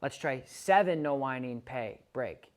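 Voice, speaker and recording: A man working as a dog trainer, calmly coaching a client through exercises and counting out the timing. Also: medium pitch, a little slow. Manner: calm, coaching, counts out loud. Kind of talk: instructing a client during training.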